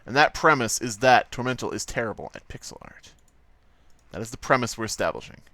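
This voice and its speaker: A man's voice: mid-range voice, expressive, fairly quick, pushed and bright, no echo. Male streamer, mid-range voice, loose joking ramble with plenty of cursing, dry. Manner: rambling, joking, swears freely. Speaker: livestream host. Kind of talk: casual livestream chatter while drawing.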